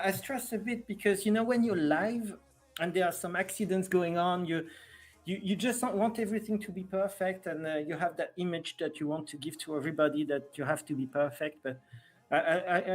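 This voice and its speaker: A man's voice: on the high side, a little fast. Chatty French-accented man streaming live. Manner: chatty, hesitant, self-deprecating, laughs often. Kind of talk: casual live stream chat.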